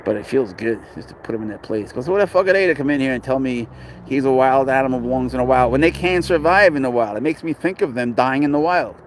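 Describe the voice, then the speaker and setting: A man's voice: mid-range voice, lively intonation, quick pace, slight background noise, poor audio. A man casually chatting on a livestream about his pet, rambling and blunt, swearing freely as he reads and answers comments outdoors.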